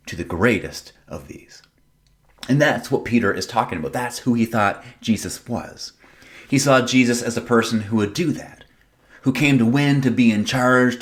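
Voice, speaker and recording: Guy pastor giving a sermon, super casual and chatty, mid-range voice, dramatic storytelling bits. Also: medium pitch. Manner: casual, conversational preaching with rhetorical questions; playful, dramatic retelling.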